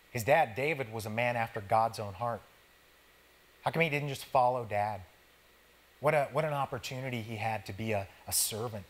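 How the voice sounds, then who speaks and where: A man's voice: mid-range voice, a bit bright. Man preaching a casual, conversational sermon. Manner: casual, conversational preaching that talks straight to the congregation; slangy everyday wording. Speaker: pastor.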